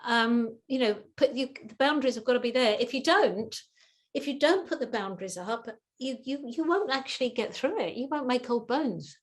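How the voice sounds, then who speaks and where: A woman with a fairly high voice answers questions as a guest expert over a video call. She talks in a lively, animated way, often repeating her words and acting out the voices of people in her examples. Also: normal speed. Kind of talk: webinar Q&A advice.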